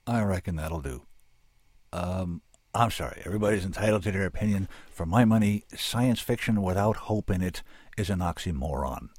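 A man with a very deep, husky voice reads a novel aloud in a slow, measured, somber way. The sound is dry and close, with no room around it. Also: darkish tone, no room sound. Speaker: reader and commentator. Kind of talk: reading a novel aloud, then giving opinion.

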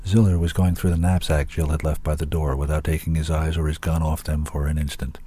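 A man narrating an audiobook in a steady, measured reading. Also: rumbling low, slightly rough.

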